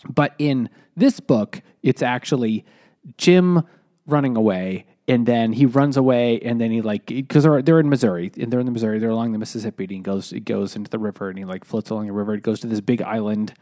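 A man with a mid-range, dark-toned voice talks briskly and casually about a book as a podcast co-host. He rambles with many restarts and fillers and laughs easily.

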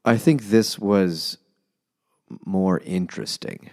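A man's voice: sits low, slow pace, darkish tone. A man co-hosting a casual book podcast over beers, talking loosely and hesitantly, with the odd swear word.

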